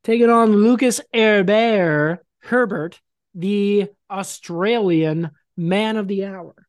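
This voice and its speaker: This is a woman hosting a casual podcast. She runs a bracket game for her co-host and introduces each pairing with playful, announcer-like flourishes. Her voice sits at a middle pitch, and it is recorded very dry, with no room sound. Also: slow, a little mellow, dry recording. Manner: playful, announcer-like build-ups of names. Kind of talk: casual chat, running a sports bracket game.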